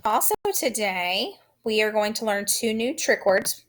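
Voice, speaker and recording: A woman teacher leads young children through a phonics lesson in a slow, unhurried voice. She sounds out each letter clearly and patiently, at a middling pitch. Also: lively intonation, fairly bright tone, slight background noise.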